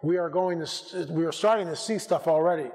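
A hoarse American man telling stories from a church stage, his voice fairly high for a man. He acts out the lines of the people in his stories and keeps clearing his throat. A long hall reverb trails behind every word. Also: fairly quick. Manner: animated, acts out dialogue, frequent restarts. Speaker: conference speaker. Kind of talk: storytelling talk to a church audience.

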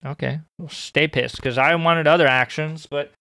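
A young man streaming a horror game, joking and excitable, bursting into high squeaky outbursts. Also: normal speed, dry recording. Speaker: gaming streamer.

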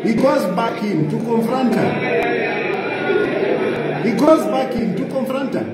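A man with a Zambian accent giving animated political reaction commentary, firing rhetorical questions. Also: very high voice, a little slow, roomy sound, big-room sound, over a noisy crowd, rough recording. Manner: animated, repeats rhetorical questions, laughs mockingly.

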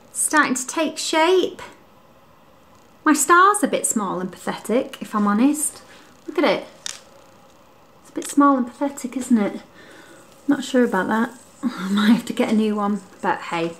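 In her living room, a young woman with a fairly high, slightly bright voice vlogs casually and cheerfully about her home and Christmas tree, saying um a lot. She's a lifestyle vlogger recorded on a camera mic, and the room has a roomy sound.

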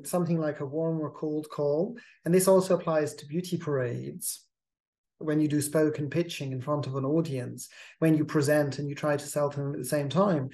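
A host giving a measured, advisory talk on pitching, often repeating words as they restart a phrase. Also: dark tone. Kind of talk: instructional monologue.

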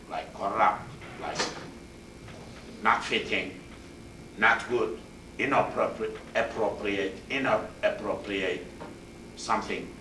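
In a mosque classroom, a man with a fairly low, slightly bright voice gives a tafsir lecture on the Quran, explaining Arabic words one at a time, repeating terms and quickly reciting verb forms. The mic is distant, the room echoes, and a faint hiss runs underneath.

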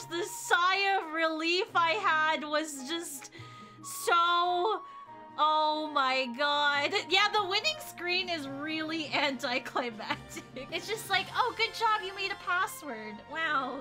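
A young woman live-streaming a game in a very high voice, excitable and thinking out loud. She keeps counting things off under her breath. Music plays clearly behind her.

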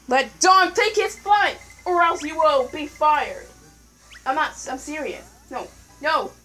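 A young woman commentating her puzzle game casually, excitable, yelling at the game and repeating "no" over and over. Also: high-pitched, slow, long pauses, soft background music, low-quality recording. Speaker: gameplay commentator.

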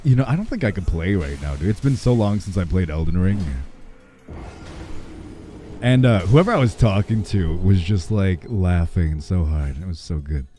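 A deep-voiced man with a slightly hoarse, raspy edge chats and jokes with his stream audience. His dark, mellow tone swings widely in pitch as he rambles, with faint music underneath. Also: animated, moderate pace. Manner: rambling, joking, talks to chat. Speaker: livestreamer. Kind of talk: casual livestream chatter.

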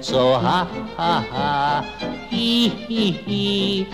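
A man's voice: high voice, lively intonation, very slow, over music, heavily acted. Man doing a folksy country boy. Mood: laughing song. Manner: folksy, plain-spoken. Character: grumpy country boy turned laughing.

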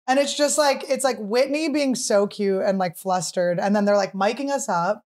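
A woman in her thirties hosting a podcast, telling a story in casual chat, animated and full of "like" fillers. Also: mid-range voice, moderate pace. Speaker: podcast host.

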